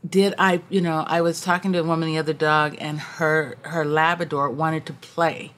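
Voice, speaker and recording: A woman's voice: sits low, normal speed. A woman hosting a casual conversation, animatedly telling stories and acting out the people in them. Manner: animated storyteller, acts out quotes.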